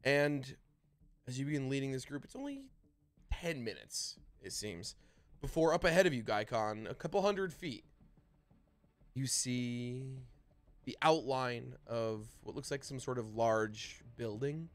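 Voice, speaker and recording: A man narrating a tabletop game as dungeon master, describing scenes with lively swings in loudness. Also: mid-range voice, unhurried.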